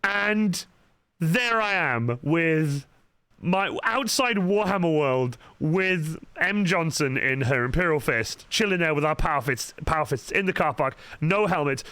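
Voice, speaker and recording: Recorded on a studio mic with no room sound and faint music behind him, a young cosplay streamer chats as he paints, swearing constantly and muttering asides. His slightly high voice is clear, resonant and sharp, very animated yet unhurried.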